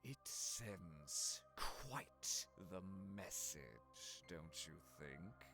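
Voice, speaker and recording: A woman voicing a smug male wind spirit who teases his brother, speaking slowly and chuckling to himself. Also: sing-song, pushed and bright, breathy edge, no echo, soft background music, exaggerated voice. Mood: amused. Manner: slow, silky, amused, with low chuckles.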